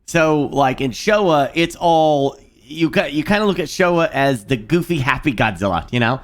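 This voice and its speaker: A man streaming a video game, chatting casually in a rambling, animated way. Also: a little high, moderate pace. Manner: rambling and animated, lots of fillers and restarts. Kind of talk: casual chat while playing a video game.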